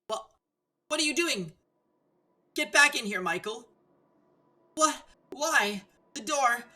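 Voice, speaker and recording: A woman voicing a spirited, devoted young woman who pleads loudly and urgently, reading a visual novel aloud. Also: high-pitched, expressive, slow, voice pushed up, heavily acted. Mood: panicked.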